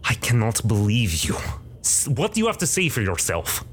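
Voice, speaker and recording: A man's voice: mid-range voice, wildly swooping pitch, normal speed, a little hiss or hum. A man voicing an indignant gray-haired woman who keeps a museum, scolding the player. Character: stern older woman museum keeper, scolding.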